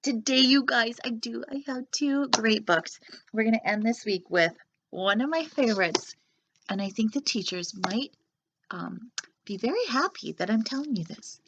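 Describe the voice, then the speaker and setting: A woman's voice: fairly high pitch, animated, normal speed, lo-fi sound, noisy background. A young adult woman, a children's librarian, hosting a storytime with a cheerful, reassuring manner.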